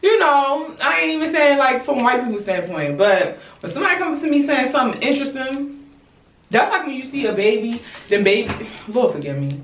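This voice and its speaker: A young woman from Baltimore chatting casually with viewers while she does her hair, animated and blunt, calling them y'all and swearing freely. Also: high voice, brisk, slight background noise. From Baltimore, USA. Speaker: YouTuber. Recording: roomy echo, distant mic.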